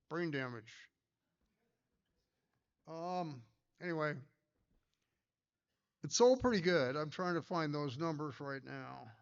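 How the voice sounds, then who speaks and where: An older man tells stories at a conference talk, his voice gravelly yet smooth and resonant. He rambles, restarts and fills pauses with ums and uhs. The recording is dull and lo-fi. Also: fairly high pitch. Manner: rambling, anecdotal, many fillers and restarts. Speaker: pinball designer giving a talk.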